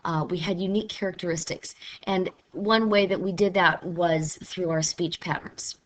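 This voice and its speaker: A woman's voice: fairly low pitch, fairly even intonation, moderate pace, slight background noise. A woman from Missouri giving a conversational literature lecture, now and then playfully mimicking regional speech. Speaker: literature teacher. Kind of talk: recorded classroom lecture.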